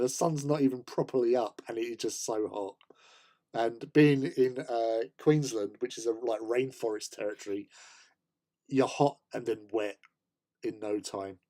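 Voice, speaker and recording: A man's voice: medium pitch, dark tone. An English man hosting a casual hobby stream, rambling through a travel story with many fillers and laughs. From England. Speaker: host.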